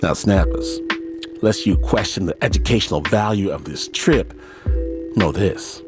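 A man's voice: sits low, unhurried, over music. A man hosting a storytelling show, speaking to listeners directly in a wry tone. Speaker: host. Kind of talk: radio storytelling host.

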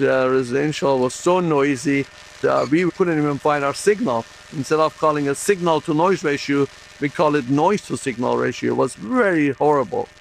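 Gravelly man from the Middle East recounting. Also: fairly high pitch, a little hiss or hum. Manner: earnest, halting, with fillers. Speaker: inventor interviewee. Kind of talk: recounted interview.

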